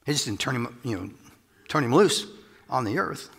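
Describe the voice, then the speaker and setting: A man preaching through a Bible passage, animated, often laughing and dropping to a whisper for emphasis. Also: medium pitch, normal speed, vocal fry, breathy edge, in a large hall. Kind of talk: expository Bible teaching.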